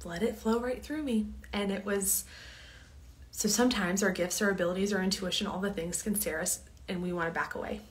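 A woman's voice: medium pitch, a little fast. Earnest chatty woman, drops to near-whispers. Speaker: host. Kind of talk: casual storytelling monologue.

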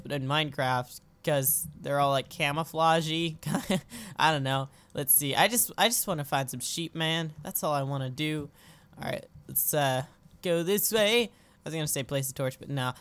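A young adult let's play host giving goofy, excitable commentary over gameplay, often breaking into squeals. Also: medium pitch, no echo.

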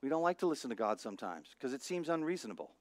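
Animated pastor, dry close sound. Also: male voice, medium pitch, racing, dry recording. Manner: animated storytelling, acts out voices, swings from soft to loud. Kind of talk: sermon.

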